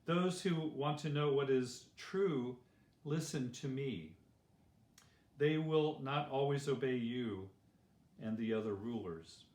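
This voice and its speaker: Man reading as Jesus, calm and earnest. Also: medium pitch, slow pace, natural voice. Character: calm gentle male teacher and king. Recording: roomy echo.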